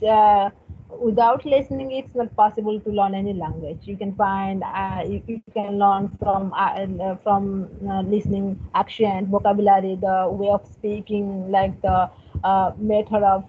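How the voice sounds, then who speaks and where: Halting woman on a tinny line. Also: mid-range voice. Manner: halting, many fillers and repeated words. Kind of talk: casual conversation practice. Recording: tinny phone line with faint noise.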